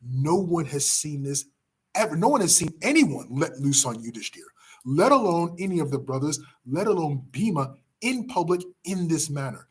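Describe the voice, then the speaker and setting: A man teaching a class by retelling an epic story in a dramatic, emphatic way with pauses. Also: a little high, very animated, breathy edge. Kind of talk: storytelling lesson.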